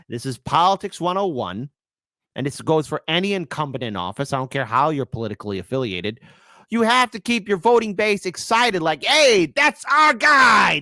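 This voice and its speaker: Animated, sarcastic male commentary host. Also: on the high side, no room sound, clean studio sound. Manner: sarcastic, animated, talks to chat. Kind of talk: live-stream political commentary.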